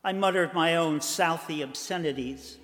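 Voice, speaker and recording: An older man from Boston telling a personal story in a measured way, with dramatic pauses. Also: a little high, fairly bright tone. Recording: long hall reverb.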